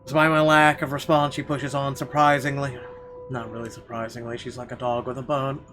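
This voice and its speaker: A man at a middle pitch reading a horror game's narration aloud for viewers, expressive and measured in the story parts. Game music runs faintly behind him. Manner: expressive reading, bursts into profane yelling rants. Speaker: let's player.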